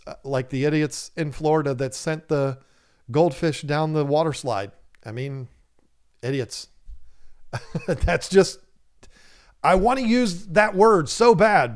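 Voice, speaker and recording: A man's voice: fairly high pitch, a little mellow. A man hosting a casual livestream, reading viewers' chat comments aloud and joking with them, laughing often. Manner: laughs often and talks animatedly. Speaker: livestream host of an aquarium channel.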